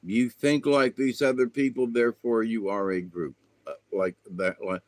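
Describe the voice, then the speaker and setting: On his own spiritual channel, a man with a mid-range voice speaks slowly in a meandering, folksy rambling monologue full of fillers. The recording is dry.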